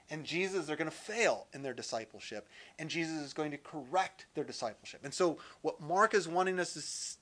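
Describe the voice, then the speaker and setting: A man teaching through a Gospel passage in a relaxed, conversational sermon style, reading scripture aloud and adding light jokes. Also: a little high. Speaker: Bible teacher.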